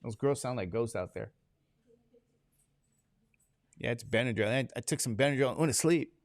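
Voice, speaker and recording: This is a classroom lecture by a man of medium pitch and moderate pace. Though drowsy from medication, he stays jokey and constantly poses questions to the class.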